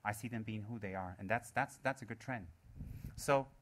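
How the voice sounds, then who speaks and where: A man's voice: fairly low pitch, normal speed, a bit bright. A man giving a live Buddhist teaching, asking rhetorical questions, repeating key phrases and teasing his listeners. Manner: playful, teasing listeners between points. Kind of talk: live Dharma talk to an audience.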